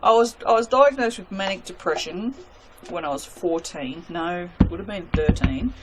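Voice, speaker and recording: A woman's voice: lowish voice, normal speed, heavy background noise. A woman chatting casually to her viewers while making soap, self-mocking and talking to herself as she works. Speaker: soap maker.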